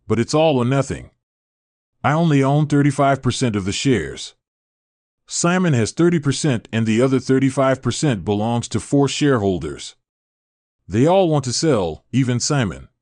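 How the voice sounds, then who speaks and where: In clean studio sound with no echo, a man with a medium-pitched, slightly mellow voice reads a scripted story. He gives narration and all the characters the same nearly unchanged voice, and keeps repeating the same lines.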